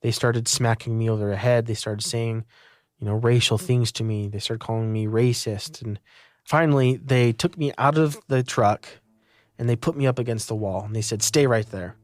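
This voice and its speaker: A man's voice: medium pitch, fairly even intonation, moderate pace, no room sound, clean studio sound. A young man from Utah earnestly recounting his own story in an interview. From Utah, United States. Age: young adult.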